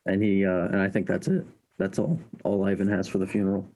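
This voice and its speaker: A man with a mellow, low voice narrates what his character does in a tabletop role-playing game. He talks haltingly, with lots of filler words. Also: animated, low-quality recording. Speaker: player.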